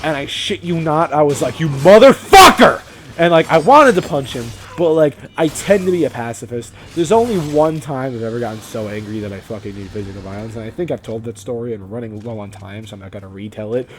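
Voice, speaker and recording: A young man from Vermont rambling and swearing through a casual game commentary, self-deprecating and quick to laugh. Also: mid-range voice, a little hiss or hum. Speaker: let's play commentator.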